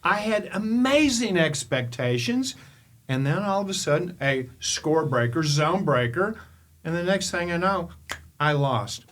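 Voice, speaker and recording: Telling a story in a monologue, this older Kentucky podcast host and coach speaks with a slightly high, unhurried voice. He's animated and emphatic, and he keeps throwing out rhetorical questions.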